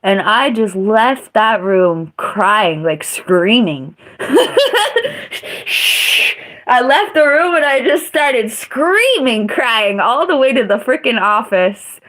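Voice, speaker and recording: A woman's voice: on the high side, expressive, takes it slowly, few pauses, a bit bright. A woman live streaming, telling a story in a casual, blunt and profane way.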